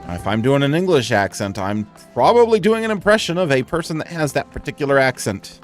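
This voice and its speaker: An American man talks through his gameplay in a casual, chatty way. His pitch moves around a lot. Faint game music plays underneath. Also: sing-song, brisk. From United States. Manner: chatty, self-deprecating asides. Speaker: let's play host.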